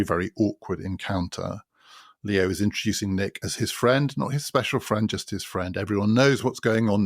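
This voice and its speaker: A man with a low, gravelly voice walks through a novel in a measured, storytelling way. The recording is dry and close. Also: dry recording. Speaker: podcast host. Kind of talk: explaining a novel.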